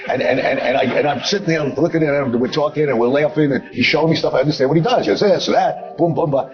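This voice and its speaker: A man's voice: fairly high pitch, fast talker, highs cut off. An older man telling a business story bluntly, digressing and repeating himself with filler asides. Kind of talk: anecdotal storytelling.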